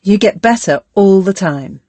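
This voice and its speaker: A woman's voice: medium pitch, expressive, measured pace, warm tone, no room sound. A woman voicing a fierce defiant young woman. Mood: earnest. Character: furious defiant young woman, former slave.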